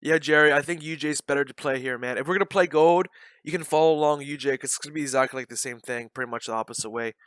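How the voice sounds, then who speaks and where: A man's voice: fairly high pitch, fast, a bit bright, clear, resonant tone, no echo. Blunt, frustrated male day-trading streamer. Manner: blunt, repetitive, openly frustrated. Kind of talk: live trading commentary.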